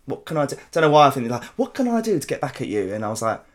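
A crowd can be heard behind this South London podcast host, who talks rapid-fire in a mid-range voice with big pitch swings. He tells stories in a casual chat, chatty throughout, swearing plenty and laughing often.

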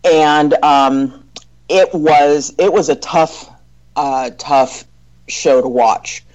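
A woman co-hosting a podcast, talking slowly in casual discussion, hesitant with many ums and restarts. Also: low-pitched, darkish tone, lo-fi sound. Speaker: podcast co-host.

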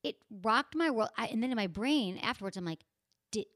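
Fast-talking woman host telling a story. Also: fairly high pitch, no echo, studio quality. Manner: animated storyteller, acts out quotes. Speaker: podcast host. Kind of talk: casual chat.

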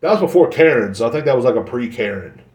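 A man's voice: medium pitch, lively intonation, fast talker, a little mellow. A man hosting a casual solo podcast, rambling and joking with plenty of swearing. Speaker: podcast host. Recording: roomy echoey recording.

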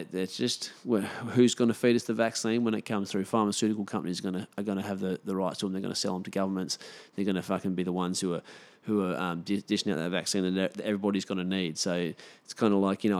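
A man's voice: low voice, fairly even intonation, fast, hardly any pauses, a little mellow. A man hosting a podcast, giving his opinions in a rambling, swearing monologue full of restarts.

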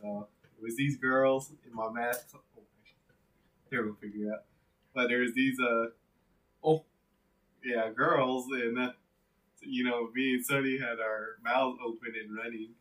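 A man's voice: medium pitch, fairly even intonation, a little slow, pauses often, a bit bright. A young man telling stories in a casual chat with friends, laughing often and swearing a lot. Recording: distant mic with faint noise.

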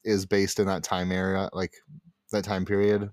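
A young man co-hosting a casual podcast chat, rambling and animated with lots of fillers. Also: deep voice, normal speed, dry recording, clean studio sound. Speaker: podcast co-host.

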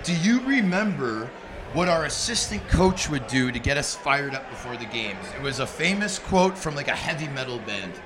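A man's voice: medium pitch, sing-song, normal speed. A man hosting a podcast, chatting casually and eagerly with a guest, asking questions and agreeing often. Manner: eager, affirming, leads with questions. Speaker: podcast host. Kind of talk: casual interview chat. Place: sports bar, live taping. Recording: live bar recording with crowd noise.

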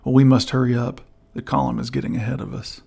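Guy voicing a rough old outlaw, gravelly and husky, low hushed talk, audiobook. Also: level tone, quick pace. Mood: low urgent. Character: gruff old outlaw turned helper, gloomy. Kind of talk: audiobook character voice.

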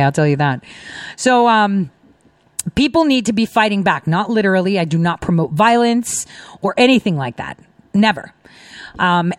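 A middle-aged woman hosting a casual commentary show, talking in an animated, emphatic way with mocking asides. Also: mid-range voice, no room sound, clean studio sound. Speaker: host.

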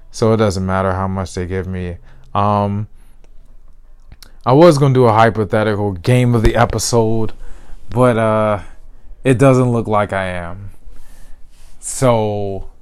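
A man's voice: lowish voice, clear, resonant tone. A man hosting a casual solo podcast, laid-back, repeating his phrases and laughing easily. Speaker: podcast host. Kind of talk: casual solo sports and news chat.

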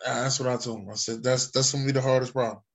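Halting man hosting a podcast. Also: medium pitch, steady tone, vocal fry. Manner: halting, restarts often. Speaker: host. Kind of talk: casual podcast chat.

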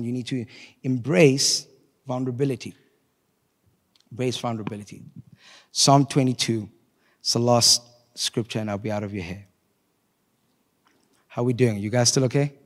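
A man preaching a sermon, swinging between loud, impassioned rises and quiet, reflective passages as he reads scripture. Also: medium pitch, long reverb tail. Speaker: pastor.

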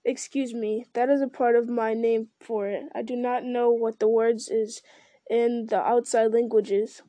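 An ancient, unhurried male tree giant from a storybook, pondering every word and humming to himself, read by a woman. The voice sits fairly high and mellow in a dry, close sound. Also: flat delivery, no room sound, close to an everyday voice. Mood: musing. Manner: slow, deliberate, musing with hums. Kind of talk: reading a fantasy novel aloud.

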